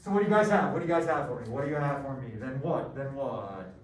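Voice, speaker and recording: A man's voice: medium pitch, expressive, fast. A middle-aged man teaching a math class, joking and rambling through stories. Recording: echoey room from far off, faint noise.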